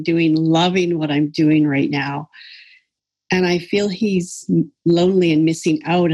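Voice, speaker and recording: Husky, lowish-voiced middle-aged woman. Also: a little mellow. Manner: hesitant, many ums, self-deprecating. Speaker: participant on a group call. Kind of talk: casual personal sharing.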